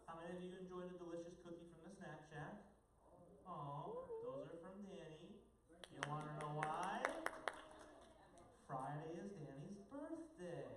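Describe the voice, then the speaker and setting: Youth leader, male, upbeat and bossy-fun, fairly high voice, miked from afar in a big echoey hall with a crowd. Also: noisy background. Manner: upbeat, directing the group with quick instructions. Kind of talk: playful crowd warm-up. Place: large church hall, indoors. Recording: echoey room mic from far off with crowd.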